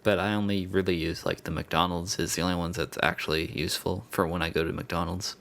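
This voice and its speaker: A man's voice: low voice, flat delivery, fairly quick, gravelly, fairly bright tone. A young man hosting his own podcast, rambling in a casual, profane and self-mocking way. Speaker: podcast host.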